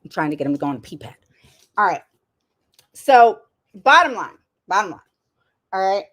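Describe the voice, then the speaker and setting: A woman's voice: medium pitch, sing-song, moderate pace, fairly bright tone. Casting note: woman host, parent advocate, emphatic and repetitive, casual livestream advice. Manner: emphatic, repeats words for stress.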